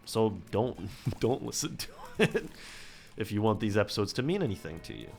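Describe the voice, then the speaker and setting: A man's voice: on the low side, big pitch swings, normal speed, vocal fry, a little mellow, soft background music. A young man giving casual game commentary while he plays, rambling off on tangents and putting himself down. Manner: rambling, digressive, self-deprecating. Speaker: gameplay commentator.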